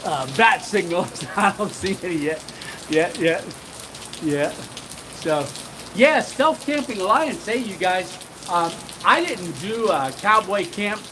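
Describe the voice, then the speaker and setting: Middle-aged guy rambling on a live stream outside, chuckles a lot, talks a bit high, rain hissing behind him. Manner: rambling, chuckling, many fillers. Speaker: channel host. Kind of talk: casual live-stream storytelling. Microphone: handheld camera.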